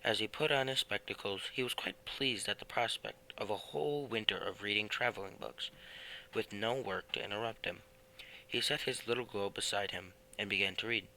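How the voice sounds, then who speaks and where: A man's voice: on the low side, moderate pace, bright, forceful tone, a little hiss or hum, rough recording. A man reading a children's book aloud, plainly, with small slips now and then. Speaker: reader.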